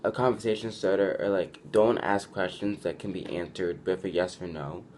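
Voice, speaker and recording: Young dude vlogging advice, lowish voice, says like a ton, super casual. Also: male voice, steady tone, normal speed, a little mellow, slight background noise. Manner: chatty, heavy use of "like", restarts, acts out quoted lines.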